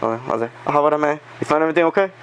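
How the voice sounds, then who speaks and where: A man telling a story in a casual podcast chat, animated, swearing and acting out the quotes. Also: fairly high pitch, racing, clean tone, low-quality recording. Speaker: podcast guest.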